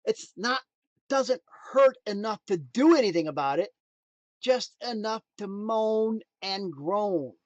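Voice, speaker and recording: A man giving a motivational talk in a preachy, emphatic way, swinging between loud punchlines and quiet asides. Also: high-pitched, animated, takes it slowly, dry recording, dull audio. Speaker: motivational speaker.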